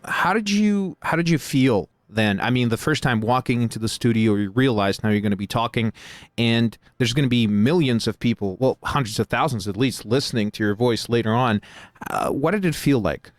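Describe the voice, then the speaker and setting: A man's voice: medium pitch, expressive, normal speed, no echo, studio quality. A man hosting a casual livestream interview, laughing often and restarting his sentences. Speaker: stream host.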